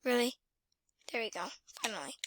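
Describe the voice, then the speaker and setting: A woman's voice: a little high, lively intonation, a little fast, a bit bright, no echo, clean studio sound. A woman casually talking through a driving game, muttering, whispering and exclaiming to herself. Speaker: gamer playing a driving game. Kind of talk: casual gameplay commentary.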